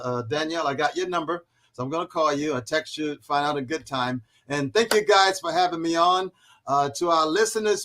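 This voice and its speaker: Male guest minister, fairly high voice, preaching cadence. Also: a bit bright. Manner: preaching, scripture-laden appeal. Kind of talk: radio call-in farewell.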